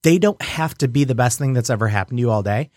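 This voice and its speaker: Speaking fast at a medium pitch, a man who runs a restaurant tells lively stories on a radio show, mimicking voices and laughing frequently. The sound is clean studio audio with no room echo.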